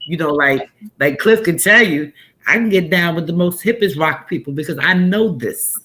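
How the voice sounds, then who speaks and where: A middle-aged woman with a New York accent, hosting a casual live-stream chat in an animated, repetitive, streetwise way. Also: on the low side, normal speed. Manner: animated, repeats herself, streetwise phrasing.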